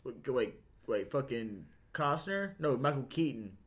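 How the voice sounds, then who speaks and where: This man in his thirties co-hosts a podcast, chatting casually, swearing a lot and now and then bursting into falsetto song. His pitch swings widely at a measured pace, and his voice is a bit bright and slightly rough.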